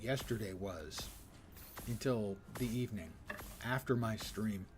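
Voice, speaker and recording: A man streams a game with a low voice that swings widely in pitch. He talks in a playful, rambling way and often slips into muttered, half-whispered asides. A steady hiss of background noise sits under the recording. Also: measured pace. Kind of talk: casual gameplay commentary.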